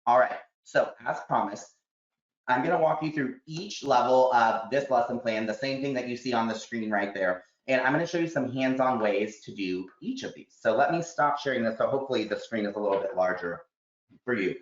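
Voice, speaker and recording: A man's voice: mid-range voice, a little fast. Man explaining teaching steps, echoey. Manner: practical, explains step by step with examples. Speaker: teacher trainer. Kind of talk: webinar teaching walkthrough. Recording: echoey room, slightly dull audio.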